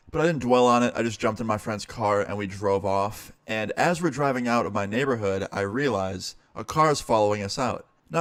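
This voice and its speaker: A man's voice: on the low side, no echo, clean studio sound. A young man, a streamer, casually telling a story and swearing now and then. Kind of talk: storytime narration.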